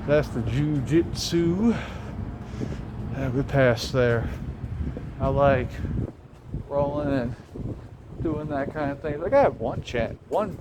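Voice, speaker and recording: A man's voice: mid-range voice, slow pace, pauses often. A young man with a Southern accent, rambling and reflective as he walks down a city street, talking to a phone, swearing casually. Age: young adult. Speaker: vlogger. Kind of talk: casual walking vlog monologue. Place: outdoors on city streets, passing traffic. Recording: faint street and traffic noise.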